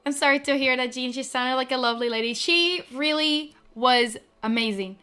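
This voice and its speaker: Fast-talking woman streamer, bright voice. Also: sits high, clear, resonant tone, soft background music. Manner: fast-talking, full of "like" fillers. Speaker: streamer debuting a virtual avatar. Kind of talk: casual chat.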